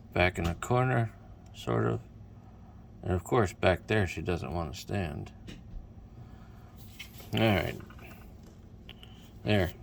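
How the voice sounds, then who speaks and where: A man's voice: low-pitched, creaky, a little hiss or hum. A man doing casual unboxing commentary as a toy reviewer, with wry, self-mocking asides.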